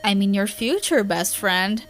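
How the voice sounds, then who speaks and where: A woman voicing a laid-back, unsettling teenage troll boy in a slow drawl while reading a webcomic aloud. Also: mid-range voice, lively intonation, soft background music, natural voice.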